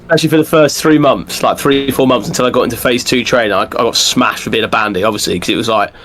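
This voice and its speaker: A man talking quickly and loosely on a podcast. His stories spill out with plenty of fillers and false starts, in a mid-pitched voice. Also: a bit bright. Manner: rapid, rambling storytelling with lots of fillers and restarts. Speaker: podcast guest. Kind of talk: casual chat.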